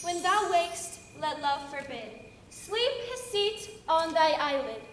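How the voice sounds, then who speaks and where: A woman's voice: extremely high pitch, expressive, slow, faint music behind, heavily acted. A woman playing a mischievous young fairy sprite, speaking rhyming verse on stage in an echoey hall, recorded from far off. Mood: incanting.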